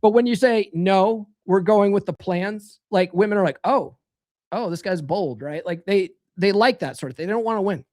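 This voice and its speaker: A man's voice: high voice, normal speed, hardly any pauses, a little mellow. A man in his thirties hosting a livestream about dating, reading chat comments in a blunt, crude way and calling listeners brother. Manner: mimics others in raised voices. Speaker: dating coach and livestream host.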